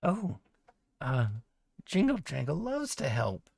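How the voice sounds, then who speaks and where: A man's voice: on the high side, wildly swooping pitch, takes it slowly, vocal fry, a little mellow, dry recording, pitched above the performer's own voice, exaggerated voice. A man voicing a cheerful female goblin who collects keys, in a sweet, sing-song voice that is eager to help.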